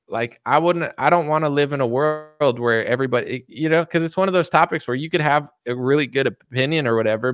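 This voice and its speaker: Here a US man chats loosely on a livestream, answering what viewers ask, cracking jokes, and reading their comments aloud. The medium-pitched voice is a bit bright and clean, with a dry, studio-quality recording.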